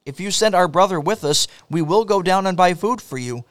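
A man's voice: high-pitched, expressive, a little fast, a bit bright, no echo. A man reading the part of an earnest elder brother pleading in a scripture story, in his own voice.

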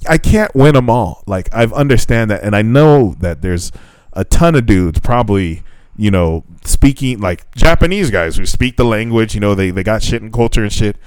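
A man's voice: fairly low pitch, normal speed, clear, resonant tone, dry recording. A young man on a podcast, casually telling a dating story, swearing freely and acting out the dialogue. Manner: profane, animated retelling with quoted dialogue. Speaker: podcast co-host.

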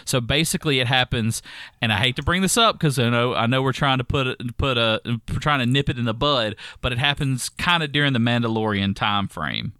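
Bright-voiced Southern man chatting. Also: mid-range voice, a little fast, smooth, no room sound, studio quality. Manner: chatty, rambling, animated when ranting. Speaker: podcast co-host. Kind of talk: casual chat.

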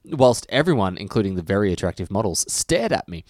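A man co-hosts a casual podcast, reading fan emails and cracking jokes. His voice sits fairly low but swings widely in pitch. The sound is dry and close, with no room echo. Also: big pitch swings, a little fast, a little mellow. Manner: joking, reads listener emails aloud. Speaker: podcast co-host.

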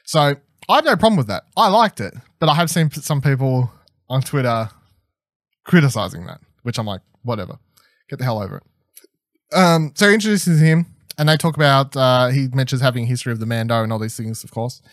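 A man's voice: mid-range voice, expressive, fairly quick, a bit bright, no room sound. A young man co-hosting a podcast, talking casually with an eager, rambling energy that's full of fillers and false starts. His voice sits right in the middle range. The sound is dry and close, with no room around it. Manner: enthusiastic, rambling, lots of fillers and restarts. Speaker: podcast co-host reviewing a TV episode. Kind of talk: casual chat.

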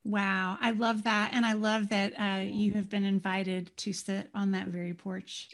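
A woman's voice: medium pitch, flat delivery, measured pace. A woman hosting an interview, prompting her guest and reacting eagerly to his story. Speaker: interview host. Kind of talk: interview conversation.

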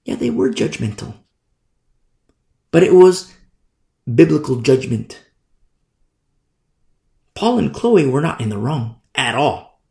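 A man's voice: mid-range voice, big pitch swings, slow pace, vocal fry, long pauses, darkish tone, reverberant. A man preaching a sermon as a pastor, emphatic and conversational, driving points home through repetition.

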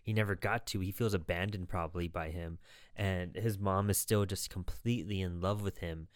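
A man co-hosting a podcast in casual chat, calmly retelling scenes with short acted quotes. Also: low voice, moderate pace, no echo, studio quality. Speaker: podcast co-host.

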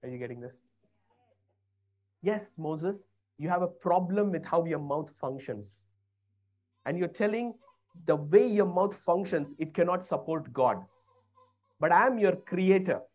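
A preacher delivering a sermon, speaking emphatically, swinging between quiet passages and loud exhortation and questioning the congregation directly. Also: mid-range voice, animated, measured pace, long pauses.

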